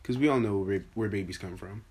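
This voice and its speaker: A man's voice: lowish voice, quick pace, a little mellow, slight background noise. A man hosting a casual podcast chat, goofy and rambling, stumbling over his words. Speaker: podcast host.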